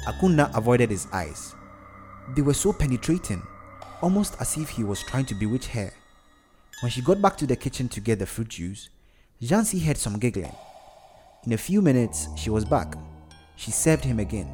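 A man's voice: medium pitch, big pitch swings, normal speed, darkish tone. Man narrating a story over faint music.

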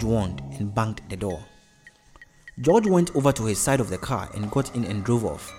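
A man narrating a story in a steady, even reading voice. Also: lowish voice, normal speed, soft background music.

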